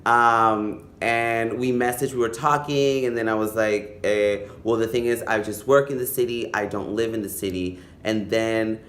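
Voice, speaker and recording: Casual vlogger, male, campy and animated, fairly low voice, echoey room. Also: normal speed, hardly any pauses. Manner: campy, animated, breaks into high-pitched playful voices; switches between English and Spanish phrases. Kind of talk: casual storytelling vlog.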